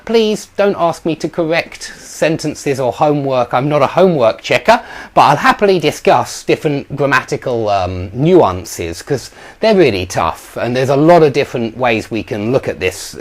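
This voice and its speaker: A man teaching an online grammar lesson, explaining patiently with frequent ums and the odd self-deprecating chuckle. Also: on the high side. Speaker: English teacher.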